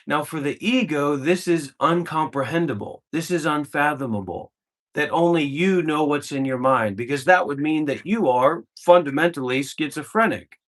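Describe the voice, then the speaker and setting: A man giving an informal spiritual talk as a meditation teacher, blunt and profane, and driving his points home with emphatic repetition. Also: fairly high pitch.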